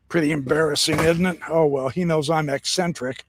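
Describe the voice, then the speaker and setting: Husky, rambling live-stream host. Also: male voice, fairly high pitch, steady tone, fast, few pauses. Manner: rambling, jokey, laughs at own jokes. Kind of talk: casual live-stream chat. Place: backyard, outdoors.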